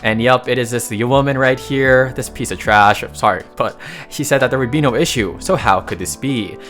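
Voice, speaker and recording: A man's voice: mid-range voice, moderate pace, fairly bright tone, faint music behind. A man narrating a casual comic recap, tossing slangy, joking asides to his viewers.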